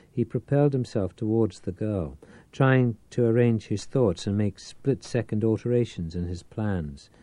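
A man's voice: fairly low pitch, mellow, no echo. A man narrating a thriller audiobook in a dramatic, tense reading with shifting pace. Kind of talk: scripted narration.

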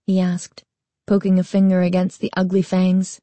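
A woman narrating a storybook aloud with a slow, even reading. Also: lowish voice, dry recording.

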